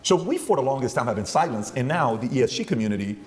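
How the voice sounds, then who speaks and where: A man hosting a podcast, telling quick stories and acting out the conversations he quotes. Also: mid-range voice, lively intonation, long reverb tail. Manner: rapid storytelling, acting out quoted exchanges. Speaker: podcast host. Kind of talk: casual interview talk.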